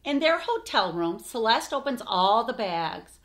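A woman reading a picture book aloud for children, expressive, with asides to her listeners. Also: on the high side, measured pace. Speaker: storytime reader.

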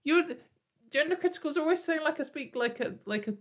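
Speaking a little fast in a high, animated voice, a young woman YouTuber sits at home and talks sarcastically to her camera. Her casual commentary rambles, packed with fillers and frequent laughter.

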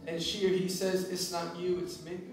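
A man with a high voice preaches an impassioned altar-call sermon in a rhythmic, repeating cadence that swells into shouts. He sounds far from the mic in a very echoey church hall. Worship music plays under him and a congregation answers. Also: flat delivery, moderate pace.

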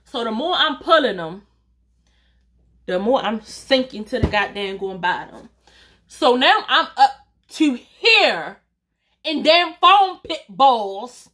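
A woman YouTuber telling a storytime vlog in an animated, chatty way, talking straight to her viewers and swearing casually. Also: fairly high pitch, slow pace.

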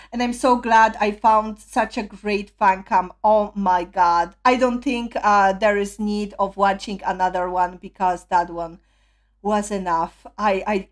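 A woman with a hoarse voice from screaming, gushing breathlessly as she reacts to a concert video. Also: medium pitch. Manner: gushing, breathless, repeats exclamations. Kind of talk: excited reaction commentary.

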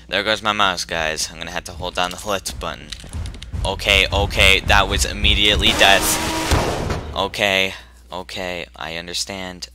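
Low-voiced man nervously playing a horror game. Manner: jumpy, nervous self-talk with sudden loud outbursts. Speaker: gaming YouTuber. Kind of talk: horror game let's play commentary.

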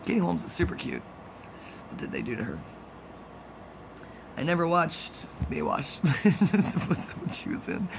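A man's voice: a little high, huge pitch swings, measured pace, creaky, long pauses, a little hiss or hum, rough recording. A man in a rambling, casual monologue, jokey and gossipy with meandering asides.

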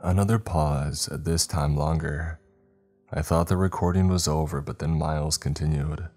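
Brief: male horror storyteller, very low and steady, with faint music underneath. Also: moderate pace. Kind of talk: scripted first-person horror narration.

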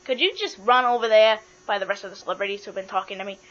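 A woman's voice: mid-range voice, fast talker, a bit bright. A woman hosting a pretend toy talk show, giving matter-of-fact answers and bossy instructions. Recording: dull lo-fi with mains hum.

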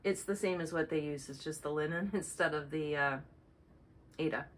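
A woman's voice: low voice, moderate pace, poor audio. Chatty woman rambling through her projects. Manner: chatty, rambling, self-correcting. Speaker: flosstube host. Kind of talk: casual show-and-tell chat.

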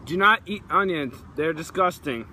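A man's voice: on the high side, animated, moderate pace, bright, forceful tone, a little hiss or hum. A male vlogger eating raw onion outdoors, gagging and groaning, his mouth burning, teary and sweating. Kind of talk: casual vlog. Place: outdoors in hot weather.

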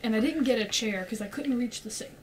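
A woman's voice: fairly high pitch, a little fast, slight background noise. A young woman telling a rambling story to friends in casual chat, full of "like" and casual swearing. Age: young adult. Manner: rambling, peppered with "like", swears freely.

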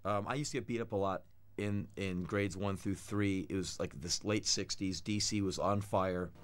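A man in his thirties from the United States, telling blunt, animated stories about his childhood in an interview. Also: low-pitched, normal speed. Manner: blunt, animated anecdotes, acts out quoted voices. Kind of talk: candid storytelling interview.

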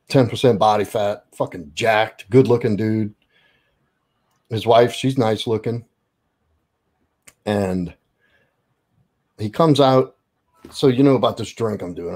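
A man telling a story in casual chat as a guest, profane and animated. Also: on the low side.

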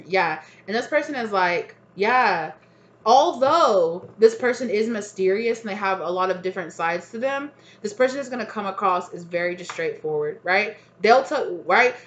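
A woman giving a casual tarot reading, chatty and animated, full of fillers and incredulous questions. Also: medium pitch, dull audio. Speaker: tarot reader.

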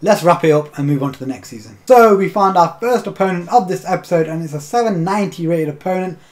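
A young man commentating his own football video game match, swearing often and bursting into shouts at the game. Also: sits high, lively intonation, quick pace. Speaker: gaming YouTuber. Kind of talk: live gameplay commentary.

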